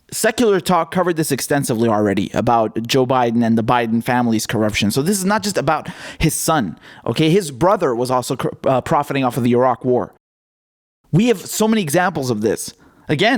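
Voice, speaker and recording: A male host giving casual political commentary in a blunt, indignant way, with some swearing. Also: a little high.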